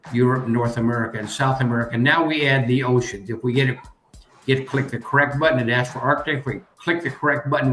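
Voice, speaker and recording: A man's voice: medium pitch, a bit bright, echoey room, a little hiss or hum. An older man, the student's uncle, patiently demonstrating a geography game step by step as a teacher.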